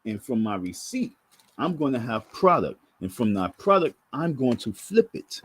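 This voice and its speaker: Husky man ranting and scolding. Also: medium pitch, very animated, normal speed. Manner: scolding, profane, repetitive. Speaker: vlogger. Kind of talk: ranting monologue to camera.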